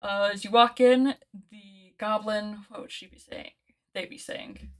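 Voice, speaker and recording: A woman's voice: medium pitch, steady tone, unhurried. A woman narrating a tabletop role-play game as game master, casual and laughing often.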